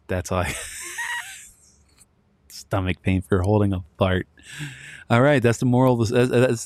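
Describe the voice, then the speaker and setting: A man's voice: mid-range voice, no room sound. A man in his thirties hosting a solo commentary show, blunt and ranting, often breaking into laughter. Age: 30s. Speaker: podcast host.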